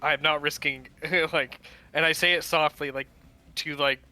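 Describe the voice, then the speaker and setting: A man's voice: a little high, steady tone, a little slow, bright, forceful tone. A man playing a tabletop game, speaking hesitantly with fillers and laughing as he talks. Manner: hesitant, laughs while talking. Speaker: player. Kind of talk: tabletop role-play chat.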